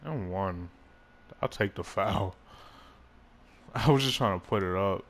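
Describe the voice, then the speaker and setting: A man casually commenting on his own basketball video game, excitable, swearing and laughing at himself. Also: low voice, slow pace, slight background noise. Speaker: gaming YouTuber.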